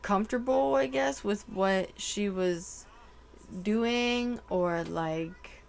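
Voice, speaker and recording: A woman tarot reader giving a channeled reading, emotional and halting, full of "like" fillers. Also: medium pitch, gravelly, a little mellow.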